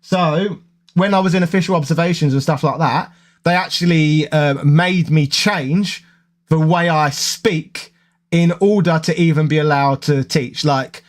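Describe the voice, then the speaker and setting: A man's voice: fairly high pitch, a little slow. A man with a London accent, chatting casually and rambling to his viewers. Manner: rambling, conversational, self-correcting. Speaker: gaming YouTuber.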